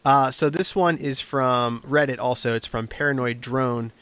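A man hosting an interview, relaxed and enthusiastic, reading out fan questions and chatting. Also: mid-range voice, a little slow, clean tone, no room sound. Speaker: interview host. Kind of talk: casual interview chat.

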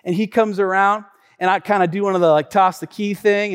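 A male pastor preaching in a chatty, animated storytelling way, full of asides and repetitions, heard in a reverberant church hall. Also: high voice, a little fast, smooth. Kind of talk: storytelling sermon.

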